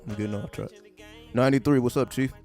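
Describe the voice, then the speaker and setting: A man's voice: mid-range voice, fairly even intonation, fast talker, darkish tone. A man giving casual livestream commentary, profane and sarcastic, firing off repeated rhetorical questions. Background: faint background music.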